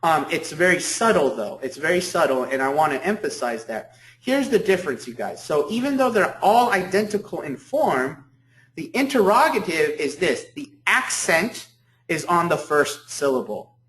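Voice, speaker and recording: A man's voice: on the high side, very animated, moderate pace, a bit bright. Echoey lecturing male professor. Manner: repeats key points, asks "okay?" often. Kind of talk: university lecture. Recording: echoey room.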